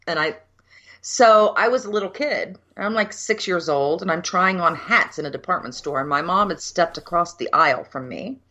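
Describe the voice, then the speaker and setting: A woman's voice: lowish voice, normal speed, muffled recording. A woman, co-hosting a casual cocktail podcast and telling stories frankly and with some swearing. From USA, Minneapolis. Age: 50s. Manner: frank and animated storyteller, swears freely. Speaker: podcast co-host. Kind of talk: casual chat over cocktails.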